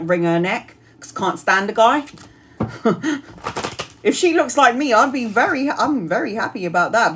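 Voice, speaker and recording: A woman's voice: mid-range voice, fairly bright tone, a little hiss or hum. A woman, giving a live-stream tarot reading in a chatty, blunt way and laughing often. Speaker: tarot reader.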